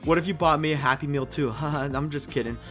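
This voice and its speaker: Young male co-host, a bit high-pitched, excitable, laughs a lot, faint music under him. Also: quick pace. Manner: excitable storyteller, laughs often, swears. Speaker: podcast co-host. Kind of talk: casual chat.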